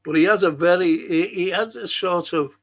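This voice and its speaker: A man's voice: sits high, moderate pace. A man hosting a live stream, reading out chat comments and telling rambling stories. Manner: rambling, chatty storytelling with restarts. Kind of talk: casual chat.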